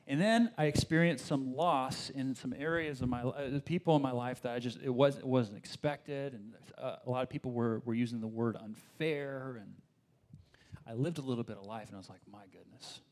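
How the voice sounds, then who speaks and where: A man preaching a sermon in an animated way, often restarting his sentences as he talks it through. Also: mid-range voice, normal speed. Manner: animated, acts out complaining voices, frequent restarts. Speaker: pastor.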